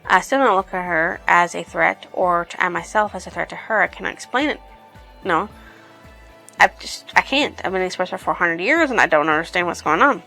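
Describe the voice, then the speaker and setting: A woman's voice: lowish voice, animated, a little fast, gravelly, pushed and bright, soft background music, exaggerated voice, low-quality recording. A woman voicing a brooding male earth demon enforcer in a retold story.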